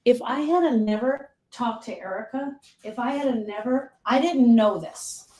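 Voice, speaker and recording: A woman's voice: on the high side, moderate pace, dark tone, a little hiss or hum. Earnest woman giving a grief talk. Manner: earnest, emphatic, acts out quoted voices. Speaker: grief speaker. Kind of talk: motivational talk to a live group. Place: room with a live audience.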